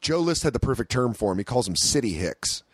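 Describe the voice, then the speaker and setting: A man's voice: mid-range voice, big pitch swings, husky, dry recording. A man who is a comedian guest, chatting casually, laughing and riffing on stories. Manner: laughs often, quick to riff and imitate people shouting. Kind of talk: casual chat.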